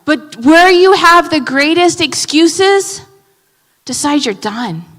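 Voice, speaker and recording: A woman pastor preaching a sermon in an animated way, moving between loud emphasis and hushed asides. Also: high voice, takes it slowly, big-room sound. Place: church sanctuary.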